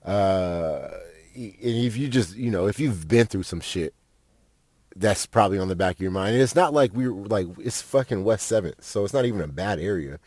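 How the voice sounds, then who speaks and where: A man's voice: on the low side, expressive, normal speed, a little mellow, dry recording. A young man, a podcast host telling a rambling, profane story with lots of fillers. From Fort Worth, Texas. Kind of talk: casual storytelling monologue.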